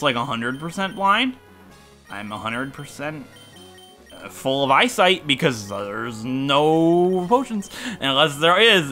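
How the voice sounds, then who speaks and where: A man's voice: on the high side, sharp tone. A young man from Ohio giving casual, jokey commentary as he plays a video game and talks to his viewers. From Ohio, USA. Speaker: let's play gamer. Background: faint game music.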